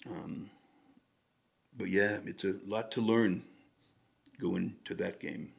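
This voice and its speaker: A man's voice: low-pitched, fairly even intonation, slow, gravelly, breathy edge. An American man hosting a reaction video, musing casually and rambling as he thinks aloud, often restarting his sentences. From United States.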